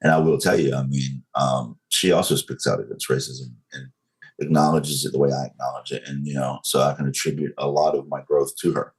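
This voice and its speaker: A man in his forties from North Carolina with a Southern accent, telling his story as a podcast guest in a slow, controlled way. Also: very deep voice, flat delivery. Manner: slow, controlled, deliberate delivery.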